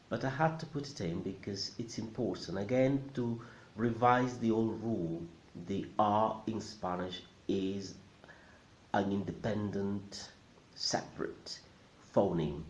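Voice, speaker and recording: A man teaching a language in a video lesson, lively and emphatic, repeating words slowly for practice. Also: fairly low pitch, slight background noise. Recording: echoey room, dull lo-fi sound.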